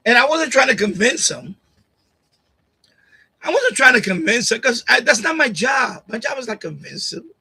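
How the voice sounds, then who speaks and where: A man's voice: extremely high pitch, sing-song, normal speed, gravelly, bright, forceful tone, slightly rough, rough recording. A man hosting a live stream, ranting straight at a viewer in a combative, repetitive way on a USB condenser mic at home. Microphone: USB condenser mic on boom arm.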